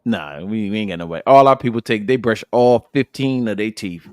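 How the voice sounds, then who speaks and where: A man co-hosting a casual podcast, telling stories in an animated, profane way with loud bursts. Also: on the low side, fairly quick, smooth, no room sound, studio quality. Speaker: podcast co-host.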